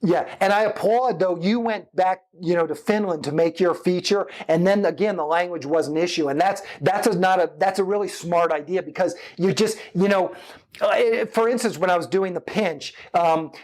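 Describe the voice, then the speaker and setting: A man's voice: sits high, normal speed, a little mellow. A middle-aged man, a filmmaker guest, chatting and giving advice in a rambling, casual interview.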